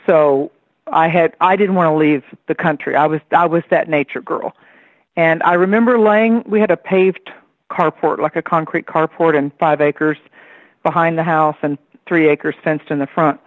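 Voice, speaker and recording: A woman from Tennessee speaks as a guest on a radio show, telling lively stories and acting out the voices of her family. Her voice comes through a thin phone line. The sound is dry and close, with no room echo. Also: sits low, moderate pace. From Tennessee, USA. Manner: lively storyteller who acts out the voices of relatives. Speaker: radio guest, psychic astrologer. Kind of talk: personal storytelling on a call-in radio show. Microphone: telephone.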